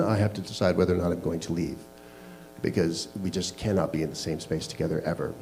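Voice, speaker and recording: A man's voice: fairly low pitch, fast talker, dark tone, faint music behind, low-quality recording. Candid man telling a personal story. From Canada. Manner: candid, self-mocking, laughs at himself. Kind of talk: personal story told to a live audience. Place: small live venue.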